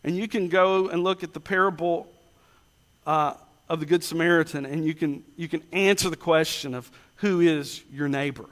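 A man preaching a sermon, asking rhetorical questions and slowing down to stress key words. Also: a little high, steady tone. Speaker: pastor. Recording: long hall reverb.

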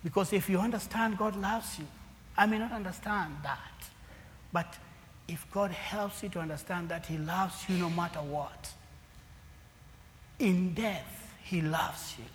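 A man preaching a sermon to a congregation, swinging from loud emphatic lines to near-whispers. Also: sits high, normal speed. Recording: long hall reverb, faint room noise.

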